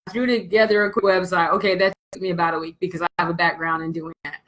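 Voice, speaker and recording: A woman business coach telling a candid motivational story to her audience, blunt and animated, and swearing freely. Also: lowish voice, fast, low-quality recording.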